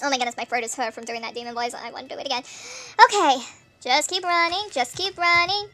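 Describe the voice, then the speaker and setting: A woman giving chatty gameplay commentary, thinking aloud with fillers, her voice sped up and pitch-shifted nightcore-style. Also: fast, sharp tone. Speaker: gameplay streamer.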